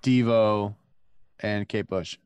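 A man's voice: lowish voice, steady tone, takes it slowly, darkish tone, clean tone, no echo. A man speaking as a comedian-musician guest on a podcast, easygoing and brief in his replies. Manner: easygoing, short agreeing replies. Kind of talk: casual chat.

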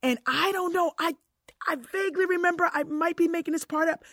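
A woman telling a personal story in casual conversation, animated and emotional, often restarting her sentences. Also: extremely high pitch, fairly quick, no room sound, clean studio sound.

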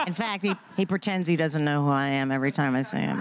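A woman recounting a story as an interview guest, halting and self-deprecating with stammered restarts. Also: low voice, slight background noise. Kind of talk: interview anecdote.

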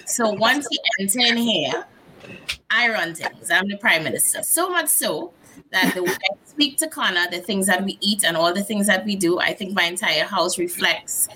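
A woman's voice: mid-range voice, moderate pace, a little hiss or hum, low-quality recording. A woman in her thirties from Trinidad and Tobago with a Trinidadian accent, speaking candidly and reflectively as a guest in a casual conversation. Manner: candid, reflective, animated storyteller.

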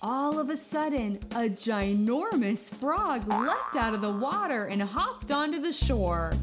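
A woman hosting a children's podcast, telling stories and jokes in a playful, expressive way. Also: fairly high pitch, measured pace, music in the background.

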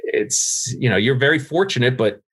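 A man's voice: medium pitch, lively intonation, normal speed, fairly bright tone, slight background noise. A middle-aged man from New Jersey, a podcast guest telling candid, profane stories about growing up and laughing at himself. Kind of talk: casual interview storytelling.

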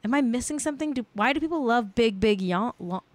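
A podcast host chats casually in a slightly high voice with lively intonation and a quick pace, recorded dry. She's sarcastic and blunt, swears freely, and peppers everything with "like."

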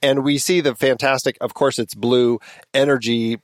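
A man's voice: medium pitch, fairly even intonation, moderate pace, dry recording. Man hosting a film podcast, dry sound. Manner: thoughtful, rambling with restarts. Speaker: podcast host. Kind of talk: casual film discussion.

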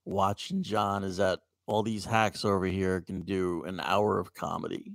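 A man's voice: low voice, flat delivery, measured pace, vocal fry, no room sound, studio quality. A man co-hosting a comedy talk show, teasing and crude. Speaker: podcast co-host. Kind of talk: casual comedy chat.

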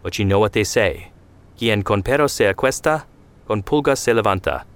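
A man's voice: on the low side, animated, moderate pace, smooth. A man reading the lines of a stern family father who speaks with weary authority and quotes proverbs in an audio story.

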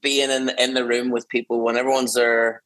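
A middle-aged singer-songwriter from Northern Ireland, speaking with a Northern Irish accent, chats casually as an interview guest over a video call. He rambles, interrupts himself and laughs easily, talking fairly quickly in a mid-range, fairly bright voice with little pitch movement. The recording is dry and the audio poor.

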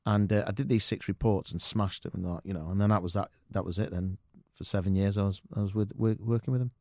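Fast-talking man telling stories. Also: on the low side, no echo. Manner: animated anecdotes with quoted voices and laughter. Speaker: guest. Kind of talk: casual interview storytelling.

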